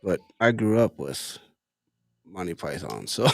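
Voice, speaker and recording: Middle-aged guy chatting over drinks, talks slow, voice jumps all over, laughs easy. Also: medium pitch, vocal fry, dry recording. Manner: laughs easily, rambling. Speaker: podcast co-host. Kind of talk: casual chat over drinks.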